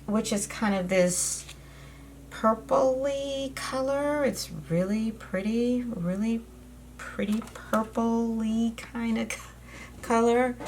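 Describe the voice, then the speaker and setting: A beauty vlogger with a voice on the high side chats through an at-home makeup tutorial in a loose, easygoing way full of fillers. Slight background noise is audible.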